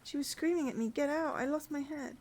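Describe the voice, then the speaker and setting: A woman reading game dialogue aloud, voicing a guilty, hopeless young man who speaks in a shaky, halting, pleading way. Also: high-pitched, a little mellow, pitched above the performer's own voice, natural voice. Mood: distraught.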